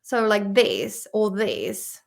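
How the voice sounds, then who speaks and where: A woman's voice: medium pitch, very animated, slow, creaky. A woman from the in her thirties, an English teacher chatting casually and emotionally, laughing and swearing as she goes through vocabulary. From Czech Republic. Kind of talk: casual vlog-style study session.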